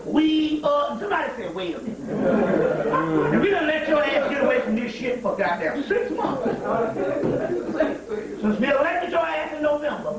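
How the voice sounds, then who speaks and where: A man giving a profane lecture to a live audience, animated and laughing, telling stories in street talk with call-and-response asides. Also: very high-pitched, unhurried, over a noisy crowd. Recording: very echoey room, distant mic, archive tape.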